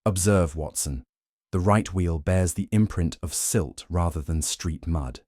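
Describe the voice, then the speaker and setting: A man playing a calm, keen-eyed detective in a storybook reading. He talks in a smooth, measured, almost kind way, with a very deep and mellow voice. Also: no echo, studio quality.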